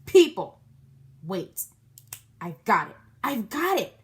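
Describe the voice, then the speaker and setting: A woman voicing a bossy, excitable kindergarten girl who shouts with excitement. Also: mid-range voice, slow pace. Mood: eager. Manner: loud, shouty, bursting with excitement.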